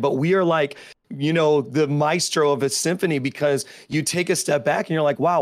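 A man, a deliverance minister on a panel, speaking in a measured and emphatic way. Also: a little high, no room sound, clean studio sound. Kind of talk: panel discussion.

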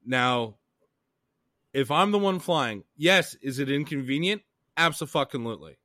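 A man's voice: mid-range voice, animated, measured pace, bright, forceful tone, dry recording, clean studio sound. A man from Canada co-hosting a podcast, telling a travel story in a profane, ranting way. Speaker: podcast co-host. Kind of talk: casual chat.

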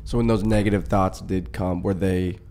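A man with a fairly low voice asks questions in a relaxed, rambling way. He trails off, rephrases, and keeps piling on hedges before he lands the question. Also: moderate pace. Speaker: interviewer, podcast host. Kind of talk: casual interview questions.

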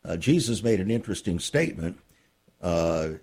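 Male radio host, raspy and lively in pitch, earnest and emphatic with his guest. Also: normal speed. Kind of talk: radio interview.

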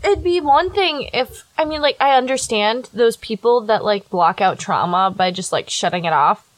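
Young woman co-host, slightly high voice, dry close sound, emphatic and profane. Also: moderate pace, dry recording, low-quality recording. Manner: reactive, emphatic, swears freely. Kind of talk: casual chat.

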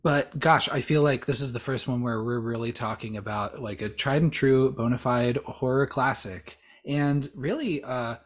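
A man's voice: medium pitch, moderate pace, few pauses. A man in his thirties hosting a casual podcast, rambling with many fillers and restarts. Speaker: podcast host.

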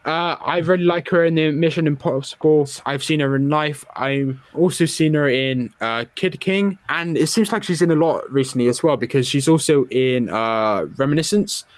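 Male podcast host, casual and jokey, slightly higher voice, dry recording. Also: normal speed, few pauses, no echo. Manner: chatty, jokey, opinionated. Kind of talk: casual film review chat.

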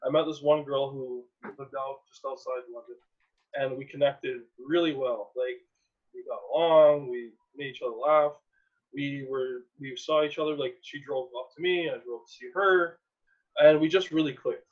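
A young man from Canada telling a personal story in a casual, animated way, laughing often and acting out the people in it. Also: mid-range voice, normal speed. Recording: dull lo-fi sound.

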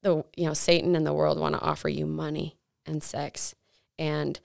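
A woman's voice: low-pitched, level tone, moderate pace, gravelly, darkish tone, dry recording, clean studio sound. A young woman co-hosting a faith podcast, sharing an earnest testimony with lots of likes and restarts. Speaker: podcast co-host.

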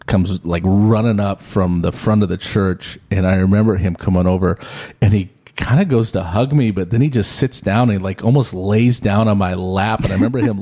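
A middle-aged man shares a personal story on a podcast, rambling and self-deprecating, livening up whenever he quotes someone. His voice sits very low and carries a gravelly fry throughout. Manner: rambling, self-deprecating, animated when quoting others. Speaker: podcast co-host. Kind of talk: casual storytelling chat.

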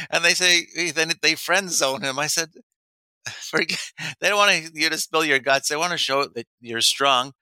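A middle-aged man who coaches men on dating tells stories in a casual, animated way, acting out the quoted dialogue and laughing often. His pitch is fairly high and his pace unhurried, with a clear, resonant tone. The recording is dry.

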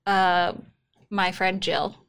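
A woman's voice: fairly low pitch, fairly even intonation, extremely slow, a bit bright, clear, resonant tone. A woman guest in a casual chat, hesitant and thinking aloud, laughing easily. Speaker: podcast guest.

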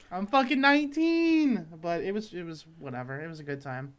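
A man's voice: fairly high pitch, normal speed. A young man co-hosting a casual chat, telling rambling stories full of fillers and swearing. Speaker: podcast co-host.

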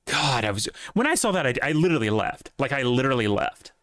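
A man's voice: medium pitch, very animated, fast talker, fairly bright tone, no echo, clean studio sound. A man with a light Southern accent, chatting casually on a podcast in a rambling, profane way. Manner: rambling, profane, lots of restarts. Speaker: podcast co-host.

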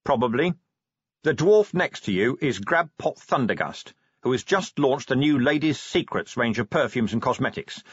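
A man's voice: medium pitch, lively intonation, moderate pace, husky, no echo, dull audio. A man voicing a curt, sarcastic watch commander. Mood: cold, curt. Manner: curt, sarcastic, barely holding his temper. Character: gruff, angry middle-aged male watch commander.

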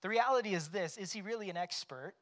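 Pastor, male, higher-pitched voice, chatty sermon delivery that keeps asking "right?". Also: lively intonation, fast talker, fairly bright tone. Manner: conversational, tags points with "right?"; storytelling, acts out quoted lines.

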